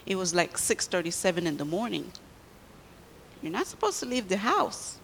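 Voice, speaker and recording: Brief: lively woman, children's sermon in a church, long reverb, faint background noise. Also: on the low side, normal speed. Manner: animated, quizzes the children.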